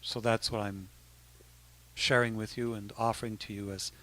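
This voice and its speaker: A man's voice: fairly low pitch, level tone, moderate pace, sharp tone. A man, a bishop, giving an informal talk to young people, conversational with frequent restarts. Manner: conversational, with many restarts and asides.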